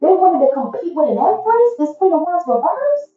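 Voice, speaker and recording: A woman's voice: extremely high pitch, big pitch swings, moderate pace, dark tone, reverberant, dull audio, faint music behind. A woman giving a casual tarot reading to viewers, blunt, profane and preachy in an emphatic way. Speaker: tarot reader.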